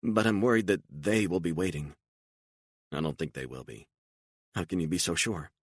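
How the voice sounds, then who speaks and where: A man's voice: low voice, moderate pace, slightly rough, dry recording, voice pushed up. A man voicing a frightened, emotional woman on the run, pleading and incredulous and raising her voice often, in an audiobook. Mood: tearful.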